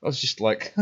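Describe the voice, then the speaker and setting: A British man in his thirties, a streamer rambling through profane personal stories and checking in with "right?" all the time. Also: fairly low pitch. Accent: British English. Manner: rambling, heavily profane, says "right?" a lot. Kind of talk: casual storytelling while gaming. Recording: dull stream audio, faint music.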